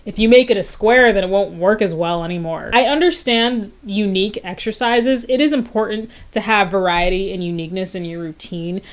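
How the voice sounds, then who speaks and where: A woman's voice: medium pitch, brisk, few pauses. A young woman, a personal trainer, chatting casually to camera with frequent laughs and fillers. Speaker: fitness YouTuber, personal trainer. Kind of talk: casual vlog chat to camera.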